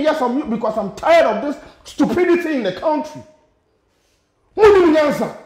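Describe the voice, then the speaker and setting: A man's voice: very high voice, expressive, normal speed, darkish tone, reverberant, low-quality recording. A man with a Ghanaian accent, vlogging an exasperated, profane rant with lots of repetition. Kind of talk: angry rant to camera.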